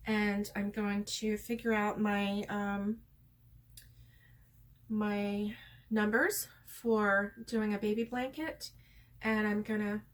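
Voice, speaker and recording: Middle-aged woman, crochet vlogger, chatty and sincere, hesitant with lots of ums, mid-pitched voice. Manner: rambling, heartfelt, many ums. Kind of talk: casual chat to viewers.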